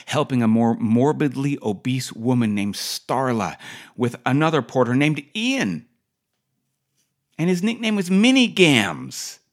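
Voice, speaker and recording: A middle-aged man reading his own personal essay for a podcast in a dry, wry storytelling manner. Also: medium pitch.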